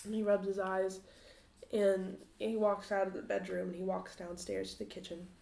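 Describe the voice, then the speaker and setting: A woman narrating a tabletop game as game master, halting with many fillers. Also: medium pitch, little pitch movement, creaky, mellow. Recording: roomy echo.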